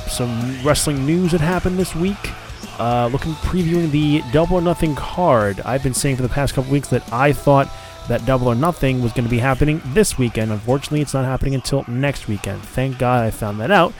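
A man hosting a casual solo podcast, talking in a loose, chatty way with plenty of fillers and restarts. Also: medium pitch. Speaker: podcast host.

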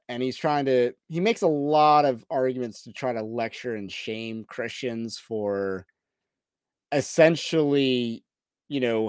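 A man's voice: medium pitch, clear, resonant tone, no echo, clean studio sound. A man hosting a podcast who argues with a clip point by point in critical commentary. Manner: rebuts point by point, argumentative. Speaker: podcast host.

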